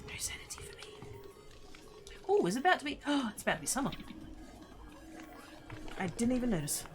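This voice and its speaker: A woman streaming a game, chattering to herself and her viewers, squealing with excitement now and then. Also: fairly high pitch, fairly quick. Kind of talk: casual gameplay livestream chatter. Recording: game music playing underneath.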